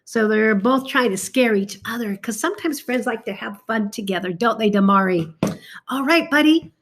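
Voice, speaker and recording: A woman reading a picture book aloud to a child, stopping often to point things out and ask him questions in an animated, exclaiming way. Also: on the high side. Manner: animated, talks to a child between pages; slow and warm, exclaiming often. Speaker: reader to a child.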